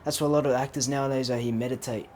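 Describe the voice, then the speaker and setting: A man's voice: medium pitch, fairly even intonation, racing, a little mellow, a little hiss or hum. A young man co-hosting a podcast, telling stories in casual chat, laughing often and swearing freely. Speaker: podcast co-host.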